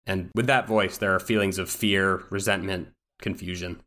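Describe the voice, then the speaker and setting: Low-voiced man narrating as game master. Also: normal speed. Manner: descriptive, steady narration.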